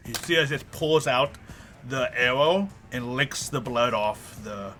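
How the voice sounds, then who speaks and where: A man's voice: medium pitch, unhurried, bright, forceful tone, faint music behind. A man running a tabletop game as game master, narrating casually with plenty of "like" and "kinda". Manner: casual, full of fillers and restarts.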